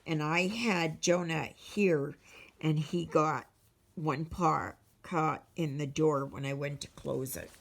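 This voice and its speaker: Slow, gravelly Canadian woman vlogger. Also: deep voice, steady tone. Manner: rambling, chatty storytelling with many fillers. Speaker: cross-stitch vlogger. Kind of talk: casual chat to viewers.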